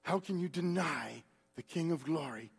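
A man preaching a sermon, moving between hushed, slow words and loud, drawn-out exhortation. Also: fairly high pitch, lively intonation, creaky, breathy edge. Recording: long reverb of a large hall.

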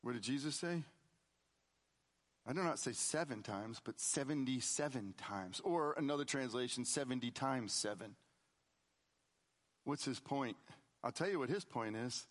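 A middle-aged man preaching a conversational sermon, swinging between loud emphatic lines and quiet, low asides. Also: measured pace, pauses often. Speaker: pastor.

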